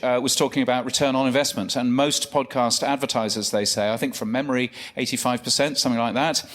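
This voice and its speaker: A man talks through the week's news on a live stage. He speaks at a middling pitch and keeps stopping to restart his sentences, with plenty of ums along the way. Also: a bit bright. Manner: chatty, many fillers and restarts. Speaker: podcast co-host. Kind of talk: live podcast news chat.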